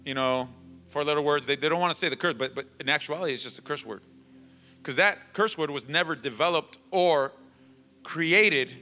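A male pastor preaching a sermon, emphatic and repetitive, his voice climbing toward a near-shout as he drives points home. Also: on the high side, in a large hall. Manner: emphatic, repeats lines, rising to near-shouting. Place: church sanctuary.

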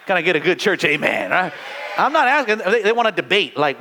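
A man's voice: sits high, animated, brisk, bright, forceful tone. A middle-aged man, a pastor, preaching a fervent sermon in a church, calling out to the congregation and restarting his phrases. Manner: fervent, call-and-response preaching with many restarts.

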